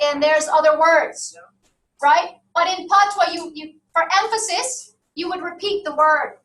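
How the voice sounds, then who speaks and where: A high-voiced woman teaches a class in a conversational way, often turning to the room with a quick question. She is recorded from some distance in an echoey classroom. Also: fairly bright tone. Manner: conversational, asks the class for agreement. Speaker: lecturer. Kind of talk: university lecture.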